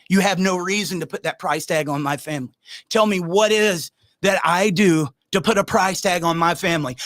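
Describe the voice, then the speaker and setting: A man hosting a podcast, delivering an impassioned, fiery rant with shouted, repeated lines. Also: sits high, dry recording, studio quality. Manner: fiery, shouting, preacher-like repetition. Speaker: podcast host.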